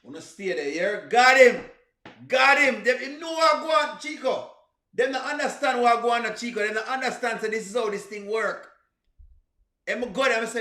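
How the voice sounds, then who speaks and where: A man's voice: very high voice, lively intonation, moderate pace, sharp tone, roomy sound. A man hosting a comedic reaction video, preachy and teasing, with punchy exclamations.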